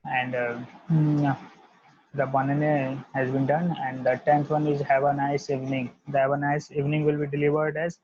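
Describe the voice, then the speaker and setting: A man teaching an online language lesson, repeating each word several times in a slow, deliberate way. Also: on the high side, little pitch movement, a little mellow, a little hiss or hum. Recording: dull lo-fi dry audio.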